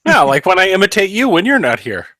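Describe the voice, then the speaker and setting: A man's voice: high-pitched, very animated, quick pace, sharp tone, no echo, studio quality. A man co-hosting a podcast in casual, joking banter, laughing between lines, on a home mic with headphones. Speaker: podcast co-host.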